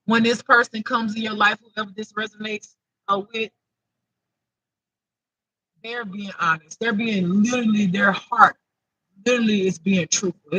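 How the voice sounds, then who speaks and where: A man's voice: high-pitched, steady tone, unhurried, long pauses, bright, forceful tone, no room sound, rough recording. A man giving an improvised spiritual reading to viewers, emotional and close to tears, repeating himself in a chatty way. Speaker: intuitive spiritual reader.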